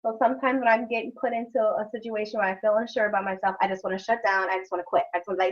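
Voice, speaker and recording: A woman's voice: mid-range voice, steady tone, quick pace, highs cut off. A woman hosting an interview, talking frankly and emotionally, with some salty language. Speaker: host. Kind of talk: candid conversational interview.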